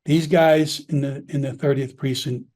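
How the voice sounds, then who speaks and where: A man's voice: medium pitch, fairly even intonation, moderate pace, darkish tone. A middle-aged man, a former police officer telling his story in an interview, emotional and profane, acting out the people he quotes. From Long Island, New York.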